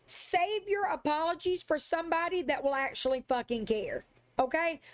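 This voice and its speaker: A woman's voice: high voice, normal speed. A woman livestreaming, ranting angrily and profanely at a critic in a sassy, confrontational way. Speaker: live streamer. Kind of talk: angry livestream rant.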